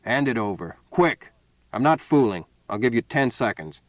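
A man voicing a smooth, menacing male card sharp aboard a spaceship, hearty and boastful, then cold and purring, on a dull, dry recording. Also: mid-range voice, animated, moderate pace, no room sound, lightly acted.

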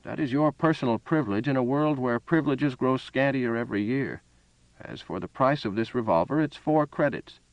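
A man reading aloud, voicing an old male gun shopkeeper who speaks in a precise, calm and measured way. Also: mid-range voice, dry recording, muffled recording, pitched above the performer's own voice, close to an everyday voice.

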